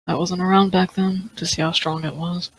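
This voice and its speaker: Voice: mid-range voice, little pitch movement, normal speed, breathy edge, rough recording. A player speaking in character during a tabletop role-play, hesitant and thinking aloud with small laughs.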